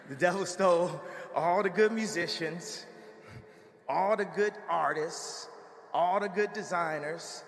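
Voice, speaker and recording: A man's voice: sits high, slow, pauses often, reverberant, big-room sound, a little hiss or hum. A man speaking and then chanting repetitive lines over a beat in a played track. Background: loud music.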